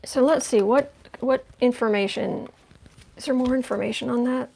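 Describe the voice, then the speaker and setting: Woman tarot reader, higher register, livestream host, talks her thoughts through card by card. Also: normal speed, creaky, warm tone, husky. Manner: thinks aloud while turning cards, conversational.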